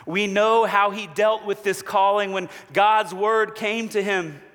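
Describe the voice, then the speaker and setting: Slow-preaching pastor, man, reverberant hall. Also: high voice, fairly even intonation. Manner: slow, measured preaching with long pauses, dropping to a hushed voice for quoted promises. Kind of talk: sermon.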